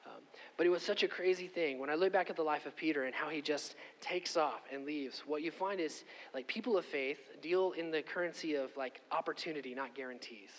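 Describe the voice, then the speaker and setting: A middle-aged man preaching a sermon and telling a personal story, conversational and animated, often asking "okay?". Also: on the high side, brisk, a little hiss or hum. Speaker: pastor. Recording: long hall reverb.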